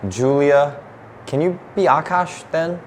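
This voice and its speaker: A man's voice: fairly high pitch, takes it slowly, slight background noise. A man acting in a comedy sketch, stammering and sheepish, apologizing over and over. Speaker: comedy contestant.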